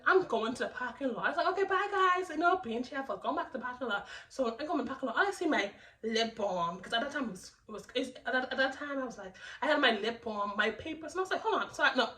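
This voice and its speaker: A young woman vlogger telling a storytime, animated and laughing, with lots of restarts. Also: high-pitched, fast, distant mic, rough recording. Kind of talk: storytime narration.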